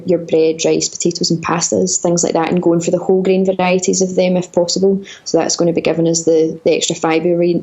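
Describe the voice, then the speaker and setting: Fast-talking flat-voiced woman dietitian. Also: on the low side, lo-fi sound. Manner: explanatory, with frequent fillers and restarts. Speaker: dietitian guest. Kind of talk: conversational podcast interview.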